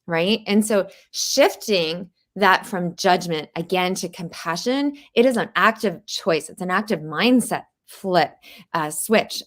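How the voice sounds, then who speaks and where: A woman in her forties hosting a podcast interview, speaking earnestly and with emphasis. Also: lowish voice. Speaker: podcast host.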